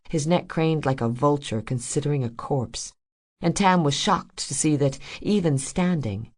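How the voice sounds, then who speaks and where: A woman reading an audiobook in measured, dramatic scripted narration. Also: very deep voice, a little mellow.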